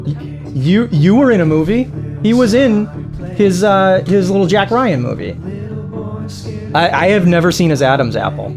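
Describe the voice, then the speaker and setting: Animated, mocking male reaction streamer. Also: high voice, moderate pace, vocal fry, pauses often, music in the background. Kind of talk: reaction commentary.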